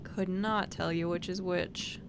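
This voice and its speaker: A woman's voice: lowish voice, steady tone, measured pace, background noise. A woman streaming a horror game, chatting and swearing casually as she plays and talks to the characters. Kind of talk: casual let's-play commentary.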